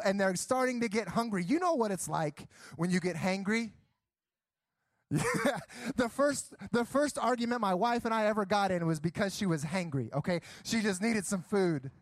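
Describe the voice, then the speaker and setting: A young adult man preaching a sermon, telling stories with acted-out dialogue and rising to near shouts. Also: high voice, dry recording. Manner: animated storytelling, acts out dialogue, rises to near shouts.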